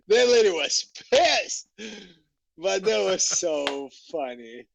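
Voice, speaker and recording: A man, a podcast guest, telling stories in a casual, animated way, laughing and swearing freely. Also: sits high, slow, vocal fry, no echo, rough recording. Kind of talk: casual storytelling. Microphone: podcast microphone.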